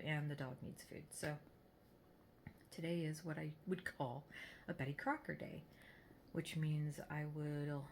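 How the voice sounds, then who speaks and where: A chatty middle-aged woman with a low voice talks into her phone camera, rambling about her day with plenty of ums and pauses. Faint room ambience sits behind her. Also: a little mellow, slight background noise. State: out of breath. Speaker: vlogger. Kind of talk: casual vlog chat.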